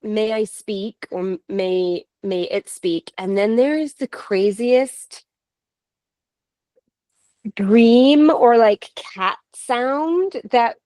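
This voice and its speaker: Casting: woman, 30s, from Canada, unhurried animated storyteller, dry close sound. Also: a little high, dry recording. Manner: animated, laughs often, quotes others. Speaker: paranormal investigator guest. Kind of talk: casual storytelling.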